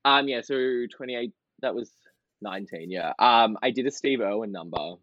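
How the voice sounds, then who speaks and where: A man, chatting as a podcast guest, full of fillers and quick laughs. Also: mid-range voice, no echo, muffled recording. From Australia. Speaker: podcast guest, drag performer. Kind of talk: casual interview chat.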